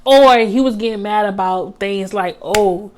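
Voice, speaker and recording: A woman's voice: mid-range voice, normal speed, noisy background. Young woman, storytime vlogger, casual and slangy, talks right to viewers. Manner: chatty, heavy use of "like" and slang, addresses viewers as y'all.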